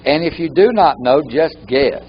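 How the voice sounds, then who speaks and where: A man's voice: on the high side, lively intonation, moderate pace. Man lecturing a workshop, lo-fi. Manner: repeats key phrases for emphasis. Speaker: trainer.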